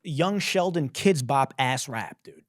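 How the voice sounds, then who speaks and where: Sarcastic, animated male podcast host. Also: medium pitch, slow, dry recording, clean studio sound. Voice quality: musician. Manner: sarcastic, swearing, animated mockery. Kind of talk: comedic commentary.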